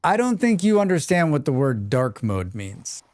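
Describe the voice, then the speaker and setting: A man's voice: on the high side, big pitch swings, normal speed, darkish tone, dry recording. A man streaming a survival game live, talking to himself in a casual, joking, grumbling way as he plays. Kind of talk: casual live gameplay commentary.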